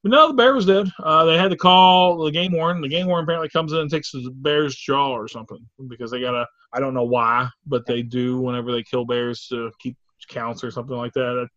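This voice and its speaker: A man telling a story in casual chat, animated and acting out the quotes with exclamations. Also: mid-range voice, fairly quick, few pauses, no room sound. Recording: dull lo-fi dry recording.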